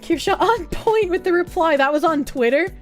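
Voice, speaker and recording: A woman's voice: very high-pitched, lively intonation, normal speed, faint music behind. A woman streamer chatting casually and reading chat messages, with crude, laughing, incredulous reactions.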